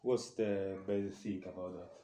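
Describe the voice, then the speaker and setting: A man vlogging to camera during his workout in a gym, speaking halting non-native English full of restarts. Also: sits low, fairly even intonation, mellow, echoey room, slight background noise. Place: gym, indoors.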